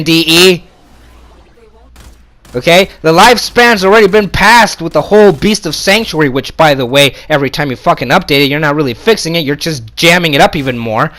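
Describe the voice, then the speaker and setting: A man's voice: high-pitched, a bit bright. A man ranting in anger with constant swearing, repeating himself and turning sarcastic as he complains. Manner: heated, swearing, repetitive, sarcastic. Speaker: gamer ranting on video. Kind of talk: angry profane rant. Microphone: console capture mic.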